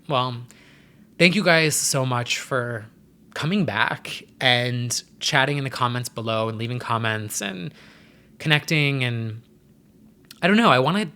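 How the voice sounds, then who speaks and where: A man's voice: medium pitch, sharp tone, clean tone. A young man hosting his own vlog, talking in a rambling, chatty way with sassy slang. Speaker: vlogger host. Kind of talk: casual chat to camera.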